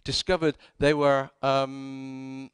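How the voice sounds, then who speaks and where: A man's voice: mid-range voice, little pitch movement, slow pace, smooth, dry recording. A man giving a conference talk, telling history as wry anecdotes and acting out the quoted dialogue. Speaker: conference speaker. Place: conference hall.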